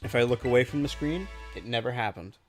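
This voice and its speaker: A man of ordinary pitch chats through a live gameplay stream, rambling and goofy, tossing out jokey asides as he plays. He talks from a room at home, with faint music playing under his voice. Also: expressive, fast talker. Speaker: game streamer. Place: home room with a low ceiling and bright ceiling lights.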